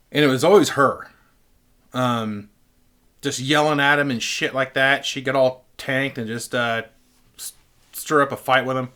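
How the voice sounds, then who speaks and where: A man's voice: medium pitch, pushed and bright. A man casually telling a rambling, profane story straight to his webcam, with lots of fillers. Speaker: vlogger. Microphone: webcam picking up the mic closely.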